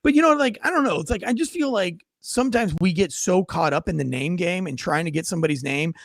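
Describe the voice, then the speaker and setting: Casting: animated cop co-host, high voice, big swings, dry close sound. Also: male voice, fast talker, creaky, no echo. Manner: animated, acts out voices in stories, swears freely. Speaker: podcast co-host, police officer. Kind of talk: casual chat.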